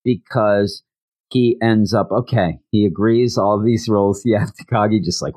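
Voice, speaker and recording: A man recapping an anime in a casual, animated storytelling way, with frequent stammers and restarts. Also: fairly low pitch, unhurried, husky, no echo.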